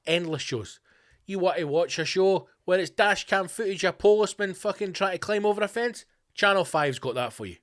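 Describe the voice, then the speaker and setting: Scottish guy ranting on his podcast, swearing loads, sarcastic, kinda high voice. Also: fairly bright tone. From Scotland. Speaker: podcast host. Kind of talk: profane comedic rant.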